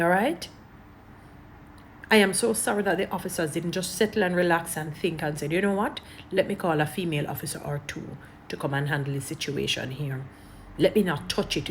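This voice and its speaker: Jamaican woman commentator, lowish voice, preachy and emphatic, light background hiss. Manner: emphatic, preachy, repeats points. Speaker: online commentator. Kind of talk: casual commentary to camera.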